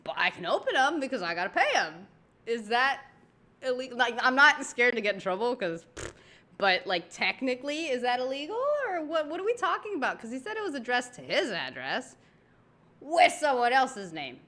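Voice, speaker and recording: Bright animated woman reacting. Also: a little high, moderate pace. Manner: animated storytelling, slangy. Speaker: reaction video host. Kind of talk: casual chat.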